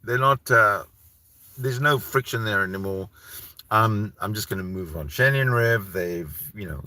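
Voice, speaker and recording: In a lowish, bright, forceful voice at normal speed, a Canadian solo channel host rambles through his livestream. He's heated and profane, often starting sentences over, and there's no echo.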